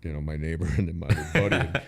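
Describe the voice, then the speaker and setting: A man's voice: rumbling low, steady tone, very fast. A middle-aged man telling a rambling story in casual chat, profane and laughing often. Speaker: podcast host.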